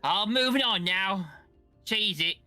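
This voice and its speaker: A streetwise black rat cracks a quick joke before scurrying off, as a man puts it on for a tabletop game. The voice sits a little above his own and is cheeky and brisk. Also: high voice, expressive, bright, forceful tone, soft background music, voice pushed up, heavily acted. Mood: wry.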